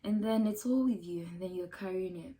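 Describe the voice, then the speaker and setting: A woman with a Ghanaian accent giving casual advice to camera in an emphatic, animated way, full of rhetorical questions. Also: mid-range voice, fairly quick. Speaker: lifestyle vlogger.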